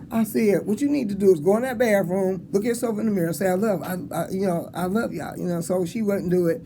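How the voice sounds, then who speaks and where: A man's voice: high-pitched, normal speed, gravelly, noisy background. A man around sixty giving a casual, rambling motivational talk to students, acting out conversations and chuckling as he encourages them. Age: 60s. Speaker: motivational speaker. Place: school hall with an audience.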